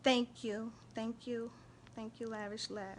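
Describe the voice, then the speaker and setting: A woman hosting a casual faith and relationship live stream, chatting animatedly and shouting out viewers by name. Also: a little high, level tone, unhurried, a little hiss or hum.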